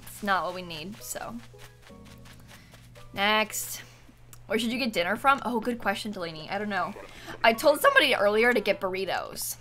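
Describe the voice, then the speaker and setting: A woman's voice: medium pitch, lively intonation, moderate pace, pauses often, pushed and bright. A young woman streaming a game, chatting casually and thanking viewers by name. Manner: chatty, reads chat names and thanks viewers. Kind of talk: casual live-stream chat. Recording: music playing under the voice.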